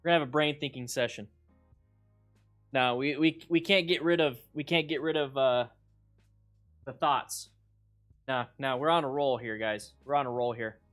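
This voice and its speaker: A man hosting a casual livestream chat with viewers, excitable and rambling, repeating himself with bursts of hype. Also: medium pitch, moderate pace, pauses often, soft background music. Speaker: motorcycle riding instructor and channel host.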